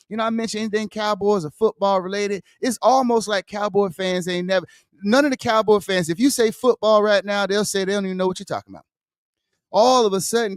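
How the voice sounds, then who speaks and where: A man's voice: sits high, no echo, studio quality. A man hosting a podcast, ranting heatedly in a casual, profane, repetitive way. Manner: heated, profane, repeats himself. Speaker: podcast host. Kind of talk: casual sports rant.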